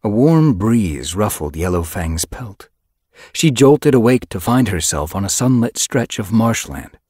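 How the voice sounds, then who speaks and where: A man narrating an audiobook in an expressive storytelling manner, recorded in a studio. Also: fairly low pitch, unhurried, husky, no echo. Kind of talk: scripted narration.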